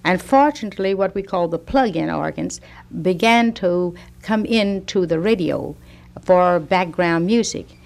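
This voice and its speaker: An older woman with a Southern American accent, speaking as a radio interview guest. She tells her stories gently, with a dry, understated wit. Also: fairly low pitch, unhurried, gravelly. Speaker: guest organist.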